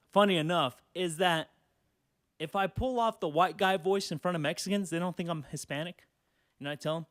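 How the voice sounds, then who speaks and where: A young man in his twenties rambles through a casual solo podcast, cursing freely and laughing between thoughts. His voice sits a little high for a man. The sound is dry and close to the mic. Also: fairly bright tone, no room sound. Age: 20s. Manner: rambling, profane, laughs often. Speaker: podcast host.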